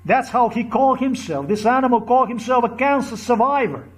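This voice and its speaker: A man speaks in a fairly high voice, ranting to camera in a heated monologue. He circles back over the same phrases again and again, and his anger breaks out into crude bursts. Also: a little fast. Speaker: vlogger.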